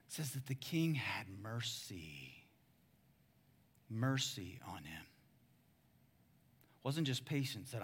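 A male pastor preaching a sermon in a conversational way, calling the crowd guys and swinging between hushed and loud. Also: mid-range voice, expressive, slow pace, long pauses, breathy edge.

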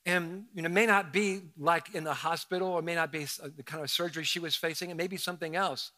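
A middle-aged man from Southern Ohio, a pastor preaching a sermon in a conversational, animated storytelling way with self-mocking asides. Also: on the high side, fast talker.

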